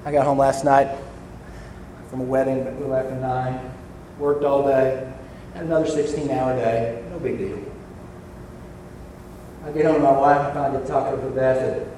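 An older man preaching a sermon, swinging between loud shouted points and quiet, joking asides to his congregation. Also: mid-range voice, steady tone, brisk, long pauses, slight background noise. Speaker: pastor. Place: church sanctuary. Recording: echoey church hall from far off.

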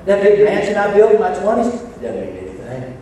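An older man preaching a sermon, swinging between loud shouted points and quiet, joking asides to his congregation. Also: sits high, huge pitch swings, fairly quick, a little hiss or hum. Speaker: pastor. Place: church sanctuary. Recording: echoey church hall from far off.

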